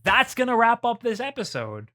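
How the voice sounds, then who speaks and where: Swearing freely and laughing a lot, this co-host keeps a casual podcast conversation relaxed. The voice sits in the mid-range and moves at a moderate pace.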